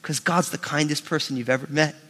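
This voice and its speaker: Male pastor, animated sermon delivery, high voice, long hall reverb. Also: fairly quick. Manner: animated, emphatic preaching with sudden rises and drops.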